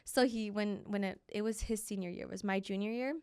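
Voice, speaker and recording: A woman's voice: medium pitch, steady tone, a little fast, a little mellow, clean tone, dry recording, studio quality. A young woman, a podcast guest, chatting casually and telling personal stories, acting out what others said. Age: young adult. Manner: chatty storytelling, acts out quoted voices. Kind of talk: casual chat.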